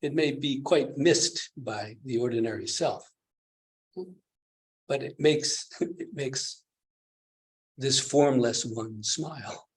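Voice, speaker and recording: A man's voice: mid-range voice, slow, long pauses. A man teaching at a meditation retreat, giving a dharma talk with frequent chuckles and questions to his listeners. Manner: chuckling, keeps asking the listeners "do you see?".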